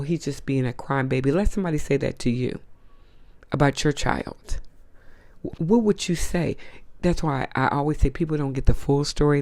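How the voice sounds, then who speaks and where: A man's voice: medium pitch, vocal fry, a little mellow, no room sound. A man hosting his own channel, delivering a blunt, profane, outraged opinion rant to the camera and hammering his points home. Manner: repeats points for emphasis. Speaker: host.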